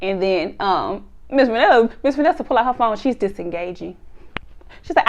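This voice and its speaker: A woman's voice: on the high side, moderate pace, lo-fi sound. A woman casually recapping a reality show episode, laughing often, swearing freely and acting out what people said. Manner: animated, laughs often, acts out quotes.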